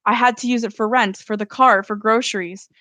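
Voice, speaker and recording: A woman's voice: a little high, fairly even intonation, brisk, sharp tone, no room sound. A woman voicing a worried, controlling single mother who speaks firmly and defensively. The voice is close and dry. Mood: strained. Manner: firm, strained and defensive.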